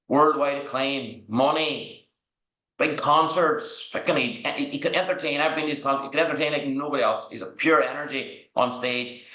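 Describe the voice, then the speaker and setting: Here a podcast guest from Ireland, with a sharp, medium-pitched voice, rambles frankly through his stories and checks in with "right?" now and then. It's a candid storytelling interview captured in an echoey room.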